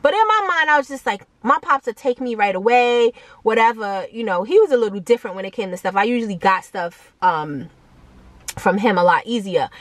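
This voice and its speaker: With no room sound around her, a young adult woman shares an animated storytime vlog. Fillers and asides to her viewers come often, and she pitches up whenever she quotes someone.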